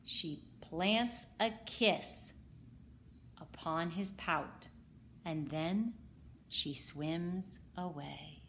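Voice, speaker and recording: A woman reading a children's picture book aloud in a slow, rhythmic way. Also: lowish voice, a bit bright, a little hiss or hum. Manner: slow, rhythmic rhyming delivery. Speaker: storybook reader.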